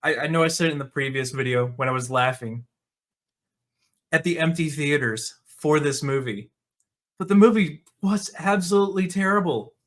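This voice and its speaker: Sarcastic man with a higher voice. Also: normal speed. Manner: sarcastic, mocking. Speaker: movie commentary host. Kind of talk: casual commentary.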